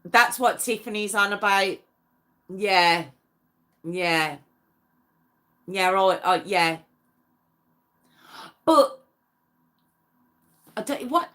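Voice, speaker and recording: A woman's voice: medium pitch, expressive, drawn-out words, pauses often, a bit bright. A woman hosting a true crime livestream, chatting casually with viewers, answering their comments and laughing often. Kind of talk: casual live chat with viewers.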